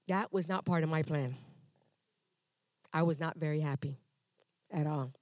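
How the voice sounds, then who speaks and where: A woman's voice: low voice, a little fast, pauses often, no room sound, studio quality. A woman giving a personal testimony to a church congregation, storytelling with humor and acting out her conversations. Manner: animated storyteller, acts out dialogues with humor; conversational with frequent restarts. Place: church hall before a congregation.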